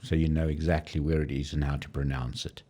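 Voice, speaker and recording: A man with a very low voice talks through a language-learning tutorial. He explains calmly, stopping to sound out foreign words slowly so the listener can follow. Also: a little hiss or hum. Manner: explanatory, pausing to demonstrate pronunciations. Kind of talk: casual screen-share tutorial.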